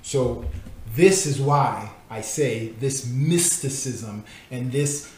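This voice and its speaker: A man giving an earnest teaching talk, stressing his points by slowing down and reading passages aloud. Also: medium pitch, a little mellow, a little hiss or hum. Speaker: Christian teacher critiquing a devotional. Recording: very echoey room.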